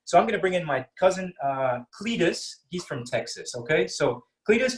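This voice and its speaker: A man's voice: high voice, animated, normal speed, hardly any pauses, rough recording. A man teaching an English class over a video call, explaining patiently and checking in with "okay?" after nearly every point.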